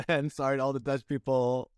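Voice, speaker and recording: A man's voice: mid-range voice, moderate pace, clear, resonant tone, no echo. Young guy hosting a chill podcast, mid voice, dry sound, asks lots of questions. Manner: relaxed and conversational, asks questions. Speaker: podcast host. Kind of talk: casual podcast chat.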